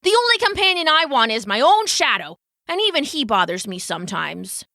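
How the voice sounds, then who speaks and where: A woman's voice: sits high, big pitch swings, a little fast, vocal fry, pushed and bright, no echo, clean studio sound, voice pushed up, full character voice. Woman doing a grumpy imperious fly king. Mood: haughty grumpy. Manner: imperious, scoffing. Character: grumpy proud male fly king of castle.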